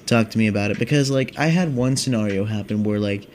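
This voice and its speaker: A man's voice: on the low side, fast talker, darkish tone, slight background noise. A young man hosting a casual podcast, rambling and swearing in a laid-back stoner monologue. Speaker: podcast host.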